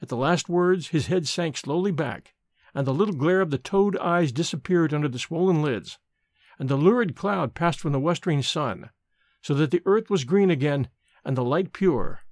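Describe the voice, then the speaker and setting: Gravelly expressive male storyteller. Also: a little high, normal speed, dry recording. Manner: expressive, dramatic reading. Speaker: narrator. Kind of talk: audiobook reading of a gothic story.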